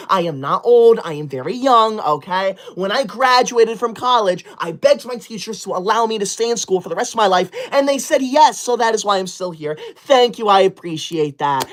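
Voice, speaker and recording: A man's voice: high-pitched, fairly bright tone. A young man hosting a comedy livestream in character, reading out super chats and scolding chatters in a prim, indignant, defensive way with overly formal wording. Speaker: livestream host.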